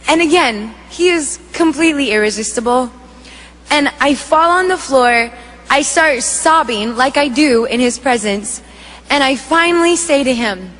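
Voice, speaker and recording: A woman giving an emotional spoken testimony, telling her story in a vivid, animated way. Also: high-pitched, normal speed. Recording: echoey hall reverb.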